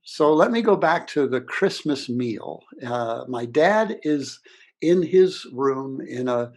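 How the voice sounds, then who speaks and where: A man's voice: medium pitch, a little mellow. Earnest middle-aged man, reflective. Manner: earnest, reflective, with pauses and restarts. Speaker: ministry speaker. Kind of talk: personal storytelling talk.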